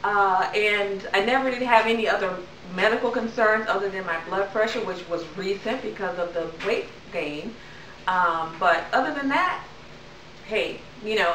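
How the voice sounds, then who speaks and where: A woman's voice: mid-range voice, normal speed, pushed and bright, roomy sound, far from the mic, slight background noise, low-quality recording. A young woman vlogger chatting casually to camera, rambling with lots of ums.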